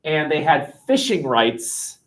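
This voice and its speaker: Animated man teaching a history class. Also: fairly high pitch, takes it slowly, recorded from a distance, rough recording. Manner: animated, jokey, with many restarts and fillers. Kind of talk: classroom lecture.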